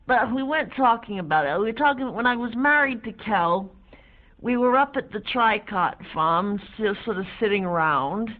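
A woman voicing an elderly lady who reminisces slowly, with hesitant pauses. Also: a little high, animated, close to an everyday voice. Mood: wistful. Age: older. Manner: slow, halting, hesitant reminiscence. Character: elderly woman reminiscing, wistful, gentle, rambling. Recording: tinny lo-fi phone-like sound.

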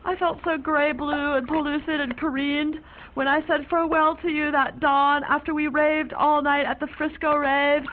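A woman's voice: sits high, level tone, moderate pace, natural voice. A woman playing a rambling free-spirited young woman. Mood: breezy. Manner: rambling, quirky, odd ornate slang. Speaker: young woman calling a friend. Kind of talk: one-sided phone call monologue in an audio drama. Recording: narrow phone-like sound, faint hiss.

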